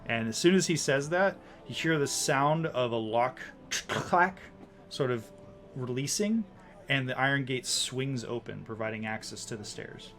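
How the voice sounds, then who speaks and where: Man as game master, loose descriptive narration, soft music underneath. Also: medium pitch, moderate pace. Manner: descriptive, with many likes and ums. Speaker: dungeon master.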